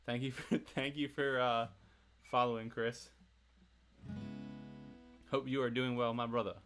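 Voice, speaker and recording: Relaxed man teaching guitar. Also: medium pitch, a little slow. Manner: relaxed, chatty, answers chat and laughs often. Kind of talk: casual livestream guitar lesson. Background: faint acoustic guitar playing.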